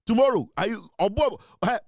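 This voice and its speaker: Teasing high-voiced Ghanaian man. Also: animated, fairly quick, dry recording, clean studio sound. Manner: teasing, repetitive rhetorical questions, mixes English and Twi. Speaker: online show host. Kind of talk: casual commentary monologue.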